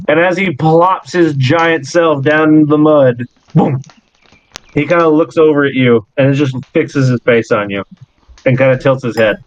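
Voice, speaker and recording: A man's voice: fairly high pitch, a little slow, dry recording. A man running a tabletop game as game master, narrating descriptively with fillers and chuckles. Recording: dry, muffled lo-fi audio.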